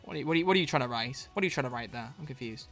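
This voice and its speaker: A streamer giving excitable live commentary on a drawing game, swearing freely and breaking into loud laughter. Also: mid-range voice, rapid-fire, soft background music.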